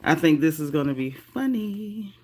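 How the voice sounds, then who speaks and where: A woman hosting a casual livestream, reading viewer comments aloud in a chatty, animated, folksy way. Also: sits low, moderate pace. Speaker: livestream host reading chat. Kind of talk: casual live chat.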